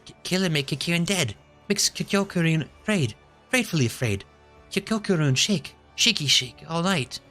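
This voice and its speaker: A man's voice: fairly high pitch, expressive, moderate pace, pushed and bright, faint music behind, voice pushed up. A man voicing a tiny, frightened male townsman who talks about himself in broken baby-talk.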